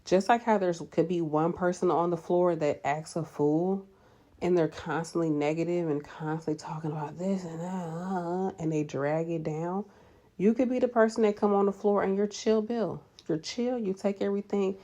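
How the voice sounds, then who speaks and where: A woman in her thirties giving nurse vlog advice with an animated, preachy, encouraging delivery. Her voice sits on the low side and sounds mellow, and its pitch swings widely as she makes her points. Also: normal speed.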